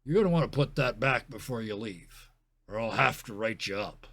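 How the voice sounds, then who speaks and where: A man doing a gruff uncle handing out a warning. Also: fairly low pitch, animated, normal speed, fairly bright tone, no echo.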